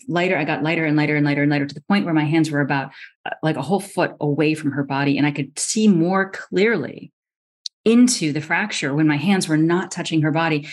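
A middle-aged woman tells a story in a podcast interview, her voice sitting on the low side. She talks with lively energy, jumps up to act out the people she quotes, and often restarts her sentences. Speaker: osteopathic physician guest.

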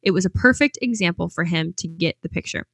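A woman's voice: lowish voice, a little fast, gravelly, no echo, clean studio sound. A woman hosting a podcast as a coach, talking in an upbeat, chatty, enthusiastic way. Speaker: pageant coach and podcast host. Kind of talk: podcast monologue.

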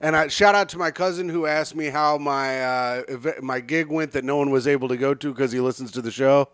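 A man's voice: medium pitch, fairly quick, a bit bright, clear, resonant tone, no room sound, clean studio sound. A man co-hosting a comedy podcast, bantering casually and swearing freely as he teases his co-host. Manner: profane, teasing banter.

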